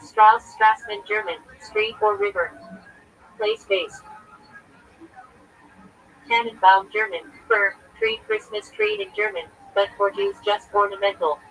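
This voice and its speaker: A man's voice: high-pitched, fairly even intonation, a little slow, long pauses, fairly bright tone, a little hiss or hum, low-quality recording. A man, a rabbi, reading from a list on a livestream in short clipped fragments. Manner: clipped fragments, terse and listing.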